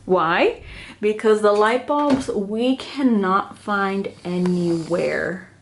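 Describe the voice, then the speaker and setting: Indoors in a small rented house, a young woman tours her place for a vlog, moving between rooms a little out of breath. Her mid-range voice draws words out as she chats and giggles with plenty of "like" fillers, over a faint hiss or hum.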